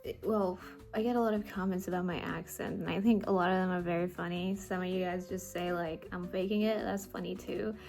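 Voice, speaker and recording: A woman's voice: on the low side, fairly even intonation, brisk, creaky, a little mellow, faint music behind. Chatty young woman with a mixed accent. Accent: mixed, partly Indian. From India. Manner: chatty, laughs often. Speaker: vlogger. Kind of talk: casual late-night chat.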